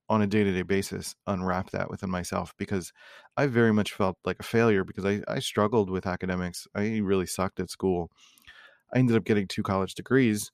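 A man with a very low, gravelly morning voice hosts his own podcast. He talks in a loose, reflective ramble, full of fillers and restarts. The recording is close and dry. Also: no room sound. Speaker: podcast host. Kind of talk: casual solo podcast monologue.

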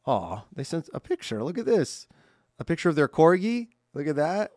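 A man's voice: on the high side, very animated, normal speed, darkish tone, no room sound. A young man co-hosting a podcast in a studio, chatting casually and upbeat as he reads fan mail aloud. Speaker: podcast co-host.

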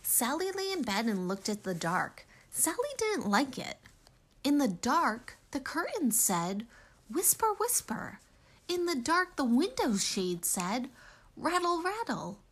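Woman, children's story narrator, gentle, expressive, higher voice, lively pitch. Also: unhurried. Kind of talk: children's storybook read-aloud.

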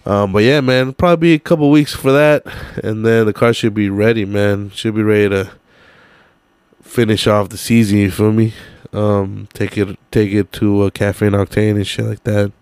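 A man's voice: on the low side, fairly even intonation, moderate pace, darkish tone, clean tone, dry recording. A man in his late twenties hosting his own podcast alone, rambling casually late at night in slang with lots of fillers and swearing, sounding sleepy. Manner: laid-back, profane street slang with many fillers. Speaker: solo podcast host.

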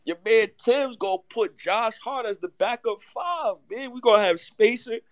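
A man in a heated sports chat, excitable and teasing. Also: very high voice, dry recording. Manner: excitable, teasing, quick bursts.

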